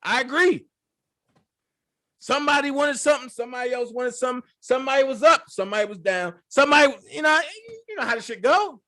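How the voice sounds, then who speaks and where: High-pitched, bright-voiced man ranting. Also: brisk, dry recording. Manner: animated, profane, loud outbursts, mimics voices. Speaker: political commentary channel host. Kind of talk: profane live commentary.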